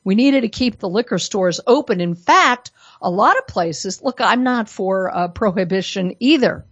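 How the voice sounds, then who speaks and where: A woman hosting a radio talk show, delivering an opinionated monologue full of sarcasm and emphatic jumps in pitch, at a studio microphone. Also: lively intonation, moderate pace, husky, dry recording, lo-fi sound.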